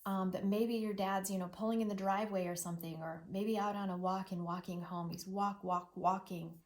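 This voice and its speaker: A middle-aged woman teacher leads a read-aloud lesson for children in a voice of ordinary pitch. She speaks expressively and echoes words in rhythmic repetition. At sad passages she sinks to a hushed near-whisper. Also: steady tone, fairly quick. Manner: repeats words rhythmically, echoing the poems.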